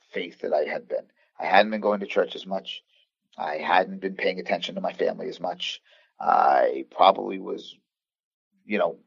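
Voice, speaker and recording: Deep gravelly man telling his story. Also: a bit bright, no room sound. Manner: earnest, halting, with restarts and quoted dialogue. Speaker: basketball coach guest. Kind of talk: personal storytelling in a podcast interview. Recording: dull lo-fi sound.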